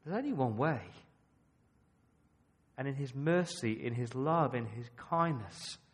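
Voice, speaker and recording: An Australian man preaching a sermon, emphatic and full of rhetorical questions, with dramatic pauses. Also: mid-range voice, lively intonation.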